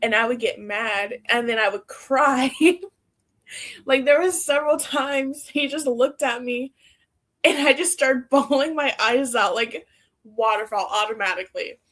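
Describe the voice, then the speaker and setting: A woman's voice: high-pitched, a little slow, fairly bright tone. Chatty young woman, laughing a lot. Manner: laughs often while talking, lots of "like". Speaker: podcast co-host. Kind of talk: casual chat.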